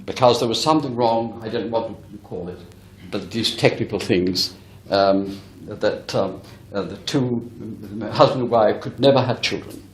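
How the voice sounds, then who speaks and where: Speaking at a moderate pace in a fairly low voice, a medium lectures on spiritualism before a live crowd in an echoey hall. His storytelling is earnest and emphatic, with frequent direct appeals to listeners.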